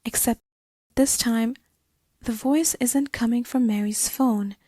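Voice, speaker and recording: A woman narrating a scripted horror story, often dropping to a hushed, slow, whispery delivery. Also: on the high side, steady tone, husky, no echo. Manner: hushed, slowing to whispery dread.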